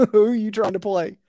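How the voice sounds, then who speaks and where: A man's voice: high-pitched, warm tone, no room sound, clean studio sound. A man in casual conversation, blunt and profane, ranting with a conspiratorial tone. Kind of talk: casual chat.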